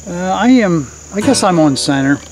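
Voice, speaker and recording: A man's voice: high-pitched, expressive, normal speed, a little mellow, poor audio. A man behind the camera giving short, easygoing replies in casual chat outdoors in the woods.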